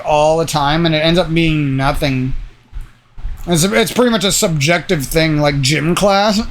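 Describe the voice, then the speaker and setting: A young man chatting in a casual, meandering way, swearing often and drifting into rants, with a slightly nasal voice. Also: high-pitched. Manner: meandering, profane, ranting. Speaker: gaming channel host. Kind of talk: casual rambling chat.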